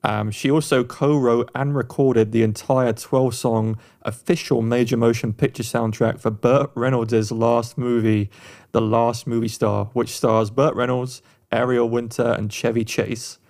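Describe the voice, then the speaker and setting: A man's voice: mid-range voice, flat delivery, unhurried, gravelly, darkish tone. Chatty, enthusiastic male podcast co-host. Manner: enthusiastic, rambling, many restarts and fillers. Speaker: podcast co-host reviewing songs. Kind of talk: casual music review chat.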